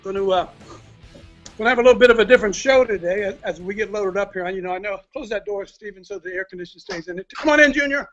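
A man with a high, bright voice talks fast while hosting a casual live-stream from inside his house, holding his phone as the mic. The sound is lo-fi with soft background music, and his chat is rambling and apologetic.

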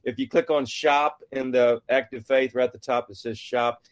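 A man's voice: medium pitch, normal speed. Middle-aged male guest, folksy storyteller, mid-range voice, acts out the dialogue. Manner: folksy and animated, acting out quoted dialogue. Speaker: author and guest. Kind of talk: conversational storytelling.

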